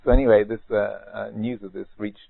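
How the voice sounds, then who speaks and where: Low-voiced monk giving a rambling Dharma talk. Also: male voice, level tone, fairly quick, gravelly, husky, no room sound. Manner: rambling, repeats words, gently humorous. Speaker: Buddhist monk teacher. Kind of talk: retreat Dharma talk, anecdotal. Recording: tinny phone-like band.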